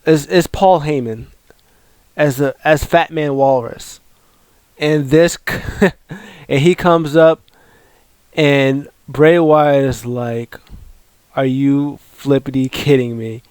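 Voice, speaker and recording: A man hosting a casual wrestling recap, excitable and rambling, with lots of fillers and restarts. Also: fairly high pitch, takes it slowly, pauses often, smooth, dry recording. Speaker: wrestling show recap host. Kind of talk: casual video commentary.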